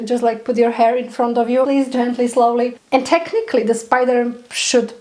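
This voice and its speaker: A young woman telling a pet spider story in a chatty, animated vlog, with frequent laughs and fillers. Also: a little high. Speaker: pet spider keeper vlogger.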